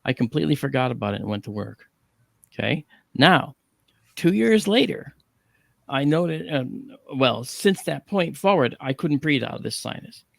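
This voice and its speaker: A middle-aged man on a talk panel, telling a story with animated, acted-out dialogue and frequent 'okay?' check-ins. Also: mid-range voice, normal speed, vocal fry, no echo, studio quality. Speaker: panel guest.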